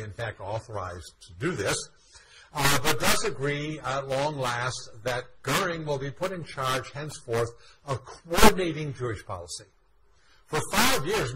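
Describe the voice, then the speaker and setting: A male university history lecturer giving a measured lecture full of "uh" fillers. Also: mid-range voice. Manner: frequent "uh" fillers, measured explanatory delivery. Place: university classroom. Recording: loud background noise.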